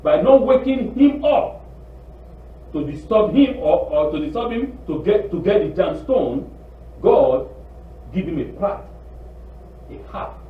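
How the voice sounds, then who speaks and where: A man preaching a sermon in an animated, pleading way, acting out quotes. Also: sits high, unhurried, long pauses, recorded from a distance. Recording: tinny echoey room recording from afar.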